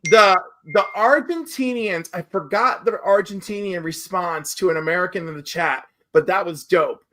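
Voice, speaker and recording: Animated storyteller acting out quotes. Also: mid-range voice, normal speed, slight background noise. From New York. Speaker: podcast co-host. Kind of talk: casual chat.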